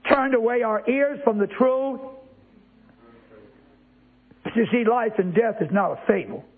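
A man's voice: very high-pitched, a little slow. A male preacher giving an emphatic sermon. He repeats words for stress and keeps asking the congregation rhetorical questions. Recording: tinny lo-fi, phone-like sound.

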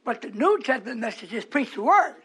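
A man preaching a sermon to his congregation, moving between hushed, whispered asides and raised, emphatic lines, with chuckles between. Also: extremely high pitch, sing-song, brisk, slightly rough.

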